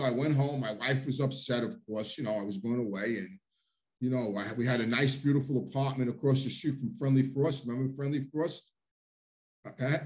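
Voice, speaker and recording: A man's voice: mid-range voice, darkish tone. Rambling New man telling stories. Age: middle-aged or older. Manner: rambling, restarts, plain street talk. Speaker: host telling his own life story. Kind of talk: casual storytelling monologue.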